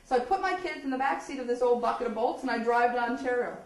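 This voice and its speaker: Telling her story in an animated speech, a woman from eastern Canada laughs often and slips into the voices of the people she describes. Her slightly high voice moves at a quick pace and reaches the mic from a distance, carrying a hall's echo.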